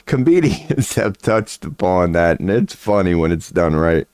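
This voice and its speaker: Male host, very deep voice, crude and cocky rambling monologue, close dry mic. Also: expressive, unhurried, darkish tone, no room sound. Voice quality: crude, swaggering, profanity-laced talk. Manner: laughs often mid-sentence. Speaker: channel host.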